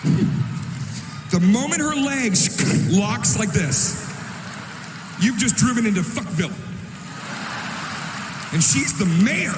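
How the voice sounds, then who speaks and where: A man performing a stand-up comedy routine, loud and animated, often shouting his punchlines. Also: extremely high pitch, slow pace, pauses often. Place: large comedy venue on stage. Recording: live stand-up clip, echoey hall, audience noise.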